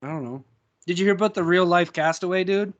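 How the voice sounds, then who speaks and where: Casual higher-pitched man co-hosting. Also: fast talker, lo-fi sound. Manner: laid-back, swears a lot, laughs easily. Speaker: podcast co-host. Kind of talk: casual chat.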